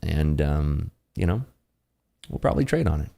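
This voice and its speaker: A young adult man hosting a day-trading livestream, chatting casually with viewers in an animated, ranting way full of fillers. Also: a bass voice, normal speed, gravelly. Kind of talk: casual livestream chat answering viewer questions.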